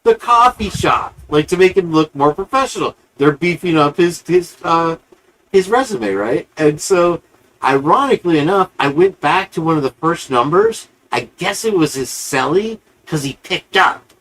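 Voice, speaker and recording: A man's voice: fairly high pitch, animated, moderate pace, a bit bright, poor audio. A man hosting a live-stream show, telling a long rambling story in a casual, profane, chatty way.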